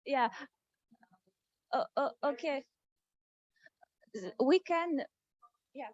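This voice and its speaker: Halting high-voiced woman chairing a contest. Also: no echo. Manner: halting, many fillers and restarts. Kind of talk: hesitant meeting chairing. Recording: dull lo-fi sound.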